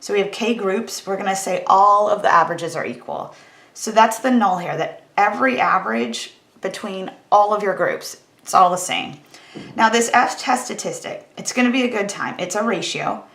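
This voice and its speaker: A woman's voice: mid-range voice, normal speed, gravelly, fairly bright tone, echoey room. A woman statistics teacher giving a recorded math lecture in a casual, conversational way, wry about the tedious calculations.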